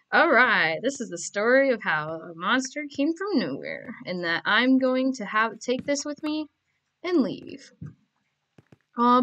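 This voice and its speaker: A woman's voice: mid-range voice, fairly bright tone. A woman giving casual, playful commentary while playing a game, joking and giggling to herself. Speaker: Minecraft player.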